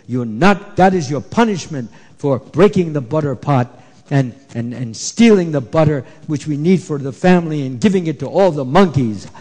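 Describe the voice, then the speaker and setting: A man's voice: on the high side, lively intonation, normal speed, a little mellow. A man voicing an exasperated cowherd mother who scolds her naughty son in chiding, incredulous exclamations. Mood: scolding. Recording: echoey hall.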